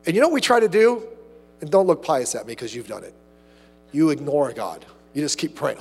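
Man, pastor preaching, high voice, animated asides, echoing hall. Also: fairly quick, vocal fry, slightly rough. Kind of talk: sermon.

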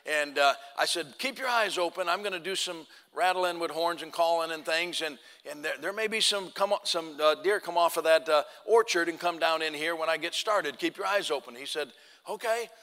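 Long hall reverb surrounds this pastor's fairly high-pitched voice, bright and forceful at a moderate pace. Preaching, he spins a folksy tale and voices both people in the exchange.

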